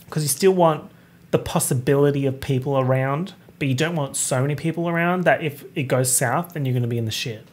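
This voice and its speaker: A young man hosting a casual solo podcast, talking in an animated, campy way and swearing freely. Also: on the high side, a little hiss or hum. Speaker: podcast host.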